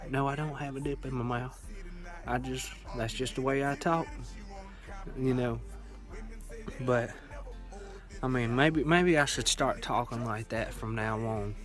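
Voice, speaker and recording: A young man, telling stories to camera in a rambling, drawling way with many fillers and restarts. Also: mid-range voice. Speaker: vlogger. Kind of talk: casual storytelling to camera.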